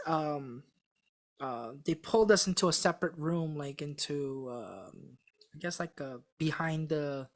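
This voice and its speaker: Rather low for a woman, this guest rambles through her account in a loose, chatty flow, stacking fillers and false starts. She sometimes acts out the people in her story with mock excitement. The whole thing sounds like a relaxed podcast chat. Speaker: singing contestant guest on a podcast. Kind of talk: casual storytelling interview.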